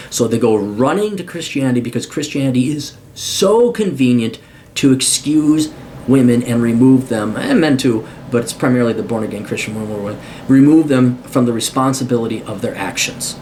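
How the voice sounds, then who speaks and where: A man's voice: mid-range voice, darkish tone, a little hiss or hum. Blunt, combative man ranting. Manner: blunt and combative, with frequent cursing; stammers and restarts mid-sentence. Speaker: video commentator. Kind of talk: unscripted opinion monologue.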